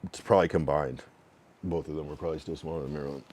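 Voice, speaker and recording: A man's voice: rumbling low, steady tone, darkish tone, a little hiss or hum. A man from New England streaming live, reading his chat aloud and answering it in a frank, loose, slang-filled way. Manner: drawn-out slang-filled musing with many fillers. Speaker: livestreamer giving feedback to chat. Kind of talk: casual livestream chat.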